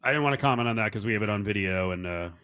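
A man's voice: on the low side, bright, forceful tone, clean tone, no room sound. Jokey male sports radio host. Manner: jokey, wraps segments quickly.

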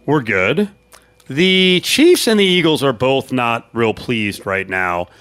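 A man hosting a sports talk show, brisk and jokey as he steers the segments. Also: mid-range voice, very animated, fairly bright tone, clean tone. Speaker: host.

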